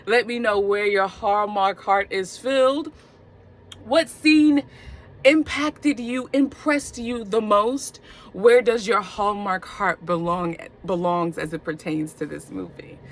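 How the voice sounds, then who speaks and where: Bright, chatty woman reviewing movies. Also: mid-range voice. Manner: animated and playful, drawn-out emphasis.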